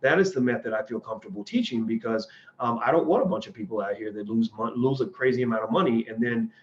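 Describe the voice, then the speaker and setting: A man hosts a casual livestream, answering viewer questions in a blunt, opinionated way. He talks in loose, rambling runs and keeps restarting his sentences. His mid-pitched voice comes through dull, lo-fi stream audio. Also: fast, slight background noise. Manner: rambling and conversational, with frequent restarts.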